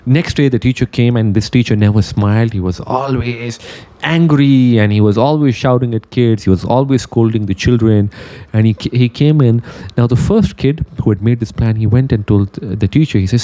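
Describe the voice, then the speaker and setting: A man giving a motivational talk, telling a story in an animated way and acting out the characters' quoted words. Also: mid-range voice, normal speed. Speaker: motivational speaker.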